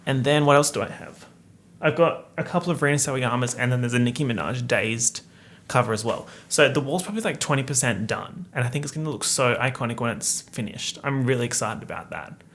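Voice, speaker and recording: A man's voice: medium pitch, animated, a little fast, fairly bright tone, slight background noise. A young man, hosting a casual solo podcast chat full of playful slang and asides. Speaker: podcast host.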